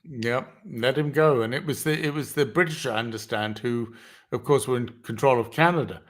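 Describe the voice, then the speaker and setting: Halting man hosting a livestream chat. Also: medium pitch. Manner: halting, many fillers and restarts. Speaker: host.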